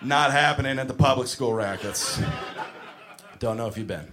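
A man in his thirties doing a stand-up comedy set, telling stories with animated delivery and bursts of shouting. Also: mid-range voice, normal speed, a crowd in the background. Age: 30s.

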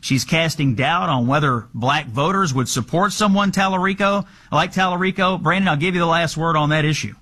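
A man's voice: a little high, a little fast, hardly any pauses, pushed and bright, husky. A man hosting a political talk show, asking pointed, sarcastic questions. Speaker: host.

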